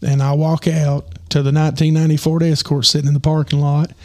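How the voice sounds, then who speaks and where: A man telling a rambling personal story with lots of fillers, his voice getting hoarse. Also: on the high side, little pitch movement, fast, no echo, studio quality. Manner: rambling, many fillers and restarts. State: losing his voice. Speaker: podcast host. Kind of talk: casual storytelling.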